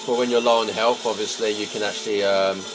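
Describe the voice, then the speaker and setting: A man's voice: fairly low pitch, little pitch movement, fast talker. A man giving casual, playful, sweary commentary over a video game. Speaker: let's play commentator. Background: game music.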